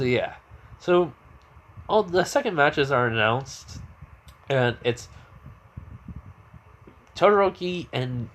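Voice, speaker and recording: A man casually improvising a fan story, circling back and padding his sentences with fillers. His voice is at a middling pitch, and a faint ambient hum sits behind it. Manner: rambling, full of fillers and restarts.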